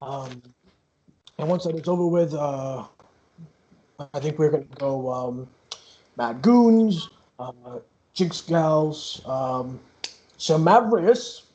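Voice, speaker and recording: A man's voice: a little high, lively intonation, takes it slowly, long pauses, mellow, slight background noise. A man voicing a tall, muscular male half-orc councilman who speaks formally. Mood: announcing. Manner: formal, announcing.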